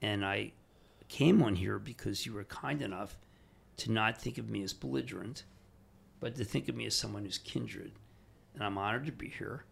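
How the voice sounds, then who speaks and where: An older man telling animated stories as a podcast guest, excitable, bursting into fast runs and acting out other people's lines. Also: fairly low pitch, vocal fry, husky. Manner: excitable, fast bursts, acts out quoted voices. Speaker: guest, TV financial personality. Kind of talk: animated storytelling in a podcast interview.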